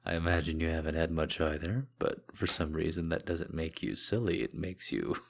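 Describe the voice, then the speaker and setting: A man in a whispered role-play, speaking softly and teasingly to the listener as a partner back from a trip. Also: rumbling low, moderate pace, vocal fry. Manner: soft-spoken, teasing and affectionate.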